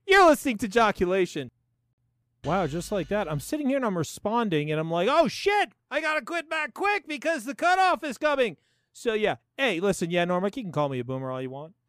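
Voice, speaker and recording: A middle-aged man hosts a comedy podcast in a loose, sarcastic riff, laughing often. His voice sits high and bounces all over the place. The recording is close and dry. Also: a bit bright, clear, resonant tone, no room sound. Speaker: podcast host. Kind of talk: casual comedic commentary.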